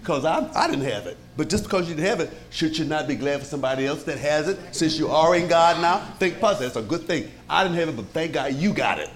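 A pastor preaching to his congregation in a lively, conversational way, with many rhetorical questions and frequent chuckles. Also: a little high, fast, few pauses. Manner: chuckles often. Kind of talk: sermon.

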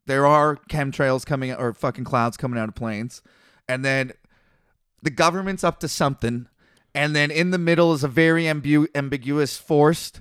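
A man's voice: fairly high pitch, normal speed, fairly bright tone, clear, resonant tone, dry recording. Laid-back swearing man, dry close mic. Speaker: podcast host. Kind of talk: casual chat.

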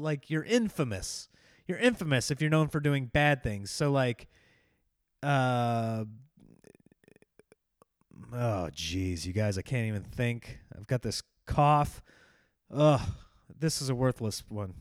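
A man's voice: medium pitch, no room sound. A sick man talks his way through a casual podcast monologue, his voice strained and broken by coughing. He rambles and jokes at his own expense, and the sound is dry and close, with no room around him. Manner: rambling, self-deprecating, jokey asides. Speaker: podcast host and touring comedian.

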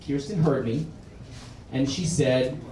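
A man doing stand-up, telling a story in animated bursts that drop to quiet menace and rise to shouted punchlines. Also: medium pitch, takes it slowly, heavy background noise. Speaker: stand-up comedian. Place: comedy club stage with audience laughing. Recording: roomy live club recording from far off.

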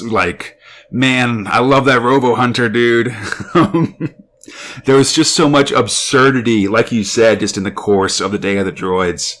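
A man with a mid-range, fairly bright voice co-hosts a podcast. The chat is casual, and he's enthusiastic and rambling, using lots of fillers.

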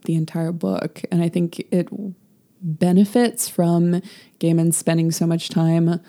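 A woman's voice: lowish voice, level tone, a little slow, warm tone. A woman co-hosting a podcast, chatting casually about a novel with many "um"s and "like"s. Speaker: podcast co-host. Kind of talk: casual book discussion.

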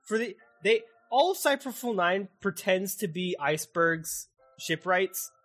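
A man hosting a casual podcast, recapping an anime in an animated, excitable way and swearing constantly. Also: high voice, a little slow, faint music behind. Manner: animated, heavily profane, excitable. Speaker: podcast host.

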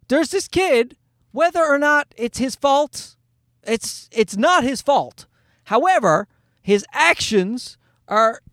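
Animated, profane man telling a stand-up story. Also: no room sound, studio quality. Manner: animated, profane, acts out high-pitched quoted voices. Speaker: stand-up comedian.

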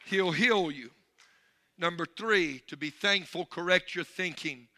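A male pastor preaching a sermon, swinging from low, intimate talk to shouted calls and calling out to the congregation for responses. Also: a little slow, slight background noise.

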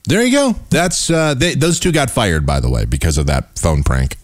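A man hosting his own podcast, giving a scornful, animated rant about the broadcasting industry. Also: medium pitch, moderate pace, no room sound, studio quality, faint music behind. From United States. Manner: scornful, animated, mocks voices he dislikes. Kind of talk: ranting commentary.

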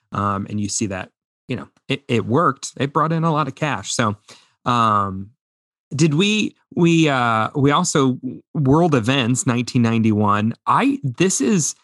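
A man's voice: mid-range voice, no echo, studio quality. A man in his thirties co-hosting a podcast, chatting casually and acting out voices as he tells stories with plenty of laughs. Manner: animated storyteller, acts out voices, laughs often. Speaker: podcast co-host. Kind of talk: casual chat.

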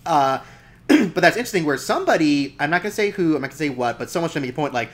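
A man hosts a casual film podcast, his pitch swinging up and down in a lively way. He talks in a loose, chatty manner and laughs easily between points. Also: racing. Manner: chatty, laughs often, restarts. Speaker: podcast host.

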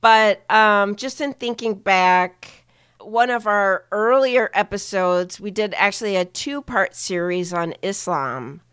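A woman co-hosting a casual podcast, chatting with listeners in a relaxed way with many fillers. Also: mid-range voice, takes it slowly, clear, resonant tone, no room sound. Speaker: podcast co-host.

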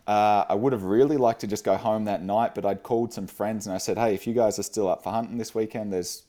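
A man's voice: on the low side, steady tone, quick pace, dark tone. A man, a guest on the show, telling a casual story with fillers and frequent laughs. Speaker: podcast guest.

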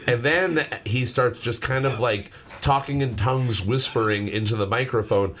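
A man's voice: mid-range voice, normal speed, fairly bright tone. A man co-hosting a casual music podcast, talking in a loose, rambling way with plenty of swearing and restarts. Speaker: podcast co-host.

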